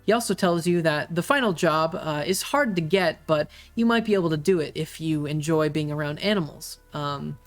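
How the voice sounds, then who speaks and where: Halting tabletop game master narrator. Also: medium pitch, soft background music. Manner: halting, filled with many uhs.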